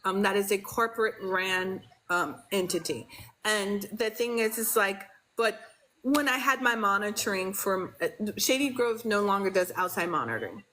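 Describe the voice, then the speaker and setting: A woman's voice: mid-range voice, expressive, moderate pace, bright, forceful tone, low-quality recording. A woman in casual conversation, speaking frankly and emphatically with frequent fillers. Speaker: podcast conversation partner. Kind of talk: casual chat.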